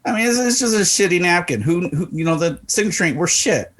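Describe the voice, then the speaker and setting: Fairly quick and high-pitched, a middle-aged podcast co-host from Arizona relates a story in relaxed talk. He's animated, voicing the people in it as he goes.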